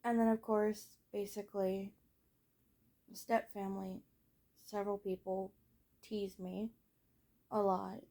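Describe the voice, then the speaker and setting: This teenage vlogger, in her late teens, talks through her life story casually and ramblingly, using lots of fillers and swearing bluntly. Her voice is mid-range with a gravelly fry and a level tone; she's slow, pauses often, and lets sentences soften away at the end.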